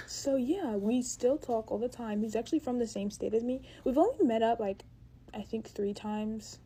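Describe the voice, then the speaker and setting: A young woman talks through her makeup routine in a loose, giggly storytime voice, stacking up "like" and "literally" as she goes. Her voice sits a touch high but sounds soft and mellow rather than bright. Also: a little hiss or hum. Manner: giggly, chatty, full of "like" and "literally". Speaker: beauty vlogger. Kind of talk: casual storytime while doing makeup.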